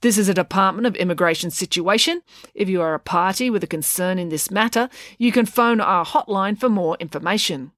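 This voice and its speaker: A woman's voice: medium pitch, brisk, a bit bright, no room sound, clean studio sound, close to an everyday voice. A woman reading an audiobook voices a stiff male immigration officer who speaks in a formal, bureaucratic way. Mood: officious.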